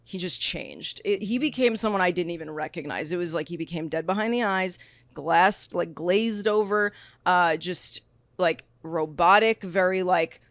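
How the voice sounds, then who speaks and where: A young woman chats as a podcast guest, telling her story with lively, animated delivery and acted-out quotes. Her voice sits at a middling pitch. The sound is dry and close, with little room. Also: normal speed, no room sound. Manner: animated storyteller, acts out quotes, many likes. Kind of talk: casual chat.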